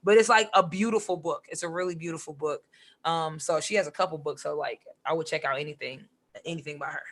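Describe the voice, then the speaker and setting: A woman's voice: low-pitched, quick pace. A woman, a podcast guest chatting casually and acting out quotes, with lots of "like". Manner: animated, says "like" a lot, acts out quotes. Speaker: podcast guest, comic writer and poet. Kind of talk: casual chat.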